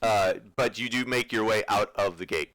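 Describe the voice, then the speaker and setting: A man's voice: lowish voice, moderate pace, a bit bright. A man running a tabletop game as dungeon master, laughing often and talking in a loose, rambling way.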